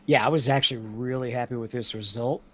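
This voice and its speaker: A man co-hosting a casual podcast, telling long, rambling race stories with quick asides. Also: mid-range voice, fairly even intonation, breathy edge. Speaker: podcast co-host. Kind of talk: casual chat.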